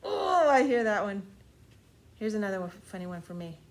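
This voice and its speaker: A woman librarian reading a bedtime story aloud to children, playful and gentle, often sinking into soft hushed tones. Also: mid-range voice, very animated, normal speed.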